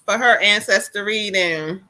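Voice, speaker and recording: A woman's voice: medium pitch, measured pace, bright, forceful tone. A woman from New Jersey giving a psychic reading on a live stream, blunt and profane. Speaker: psychic medium.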